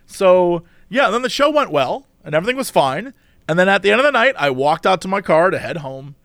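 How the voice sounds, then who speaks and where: A man telling a story in casual chat, animated and exasperated, swearing now and then. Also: high-pitched, fairly quick, dry recording, clean studio sound. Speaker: podcast host telling a story.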